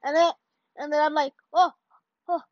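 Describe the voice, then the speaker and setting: A woman giving casual, rambling commentary while playing, excitable and mock-ranting. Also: sits high, normal speed, no room sound. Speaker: video creator. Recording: dull lo-fi audio.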